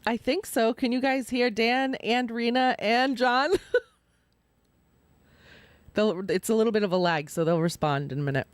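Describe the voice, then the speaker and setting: A woman with a fairly high voice hosts a relaxed live stream from home. She talks in an animated, storytelling way and breaks into laughter often. Her voice sounds close and dry, with almost no room echo. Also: moderate pace, pauses often. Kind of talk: casual chat.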